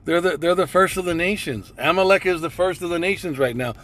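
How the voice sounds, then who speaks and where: A man's voice: high-pitched, a little fast, a bit bright. A man giving profane religious commentary over video clips, reading scripture and repeating phrases like a preacher.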